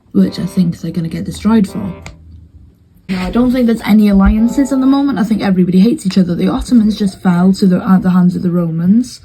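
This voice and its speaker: A woman's voice: medium pitch, mellow, husky, low-quality recording. A woman giving casual, rambling commentary on a game as she watches, hesitant and full of fillers and restarts. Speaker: video host commentating a map simulation.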